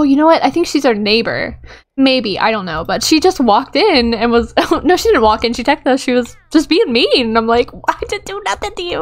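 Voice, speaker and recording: A young woman chatting through a game session with a fairly high voice. She giggles often and talks straight to the characters on screen, and her voice is still a little rough as she gets over a cold. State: recovering from a cold, voice a bit rough. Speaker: gaming YouTuber. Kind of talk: casual gameplay commentary.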